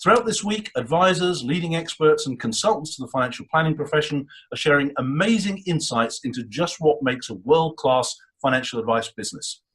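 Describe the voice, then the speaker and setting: A man's voice: fairly high pitch, animated, a little fast, few pauses. A man, hosting an interview with a polished, welcoming delivery. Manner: warm, polished presenter delivery. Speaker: host.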